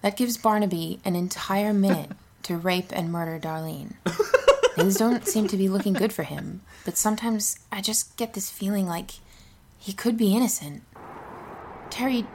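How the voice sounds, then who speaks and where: A woman's voice: medium pitch, normal speed, a little mellow, slight background noise. A woman narrating a comedy podcast segment, laughing through her lines. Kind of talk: comedic narration over music. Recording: narration with clear music behind.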